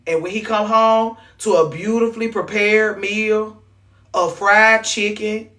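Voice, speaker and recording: A woman's voice: mid-range voice, a little slow, distant mic. Sassy woman ranting, set back from the mic. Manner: sassy, animated ranting with mock-sweet asides. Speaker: host. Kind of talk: comedic monologue.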